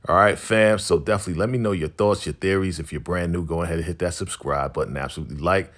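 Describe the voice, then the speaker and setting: A man hosting a TV episode recap, retelling the story casually with slang and lively asides. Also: low voice, quick pace. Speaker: TV recap channel host.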